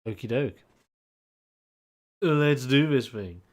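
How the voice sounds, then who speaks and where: A man's voice: mid-range voice, takes it slowly. A man running a tabletop game as game master, narrating scenes dramatically and handing out rolls.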